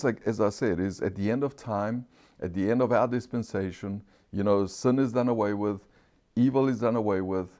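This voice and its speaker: In a lowish male voice with a dark tone, a pastor with a non-standard English accent preaches. He puts questions to the congregation, calls out for amens, and slows right down on the key phrases.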